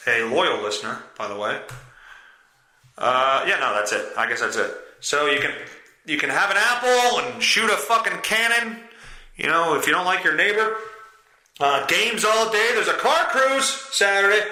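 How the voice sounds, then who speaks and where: A man's voice: high-pitched, pushed and bright. A man hosting a podcast, telling stories in a casual, crude, self-mocking way. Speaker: podcast host. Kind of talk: casual solo storytelling. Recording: roomy echo.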